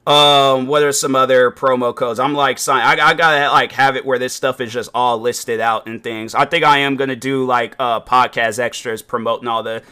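A man hosting a solo podcast, with a naturally loud voice, ranting casually and rambling with many fillers. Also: medium pitch, fairly even intonation, moderate pace, few pauses, clean tone. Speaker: podcast host.

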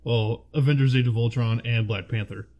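A relaxed, mid-pitched man talking casually with a friend about old films. He chats loosely, laughs easily and stops to hunt for actors' names. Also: normal speed, highs cut off. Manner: chatty, laughs often, searches for names aloud. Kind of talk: casual chat.

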